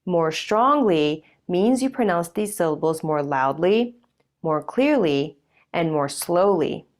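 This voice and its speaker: Measured woman narrating a pronunciation lesson. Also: fairly low pitch, lively intonation. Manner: clear, measured, over-stressed model sentences. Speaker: online English teacher.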